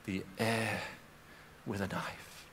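A man preaching a sermon as pastor, moving from quiet storytelling to impassioned preaching in a church auditorium. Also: lowish voice, flat delivery, slow, vocal fry, slight background noise. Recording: long reverb of a large hall.

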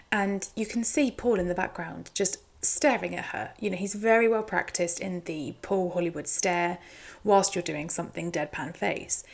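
Wry, gravelly-voiced woman chatting. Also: on the low side. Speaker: show recap host. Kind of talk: casual commentary recap.

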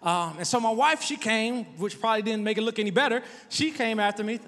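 A man's voice: high voice, quick pace, long reverb tail. A middle-aged male pastor preaching a sermon, telling his own story and urging listeners with rising emphasis. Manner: testimonial preaching, shifting from soft to emphatic.

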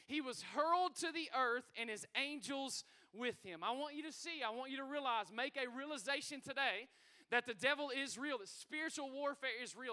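A pastor preaches with high energy, his voice high and very bright. He speaks smoothly and clearly, trading scripture reading for folksy asides and calls to the congregation. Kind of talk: sermon. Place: church sanctuary with congregation.

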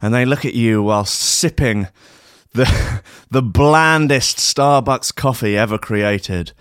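Slow-talking man telling a comic spooky story. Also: medium pitch, a bit bright, smooth, no echo, clean studio sound. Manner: playful, theatrical, absurd.

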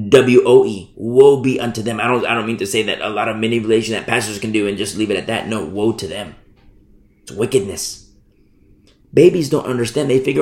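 A male pastor preaching a sermon, acting out grumbling church members in a conversational, animated way. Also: medium pitch, fairly quick, reverberant. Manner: animated, acts out congregation's grumbling.

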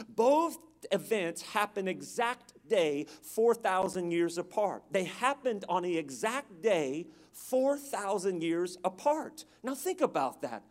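A man with a high voice preaches with dramatic, emphatic delivery. He builds to rousing questions and calls the congregation to answer back. The delivery is that of a full sermon.

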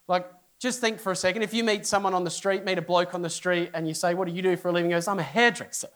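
In this humorous sermon, a middle-aged man delivers a story rapid-fire in a high-sitting voice. Speaking to a congregation in a church hall, the pastor plays each character, and his pitch jumps up whenever someone has an inner outburst.

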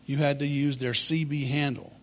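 A man, telling a humorous childhood story in a folksy, deadpan way. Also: fairly high pitch, normal speed.

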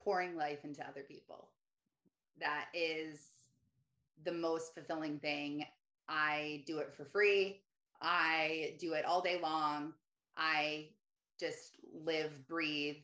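A woman's voice: steady tone, takes it slowly, bright, forceful tone, roomy sound. A woman, a podcast host and coach, telling her personal story earnestly and with emphasis as an interview guest. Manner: earnest, emphatic, shifts to higher voice for quoted thoughts.

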